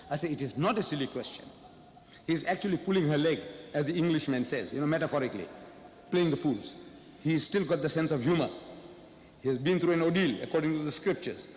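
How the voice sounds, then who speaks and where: A man delivers a public debate speech, firing off questions and then answering them himself with emphatic repetition. His voice sits fairly high and rings through a large, reverberant hall. The sound is roomy, with a long tail on every phrase. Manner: emphatic, repeats key phrases. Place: large lecture hall before an audience.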